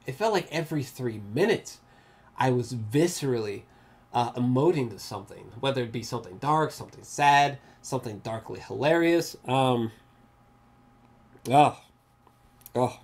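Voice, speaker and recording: An excitable vlogger rambles through a spoiler-filled movie review, swearing freely and restarting sentences as the thoughts tumble out. The pitch leaps up and down in a lively sing-song. It is an unscripted, chatty delivery. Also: measured pace, pauses often. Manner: animated and excitable, swears often.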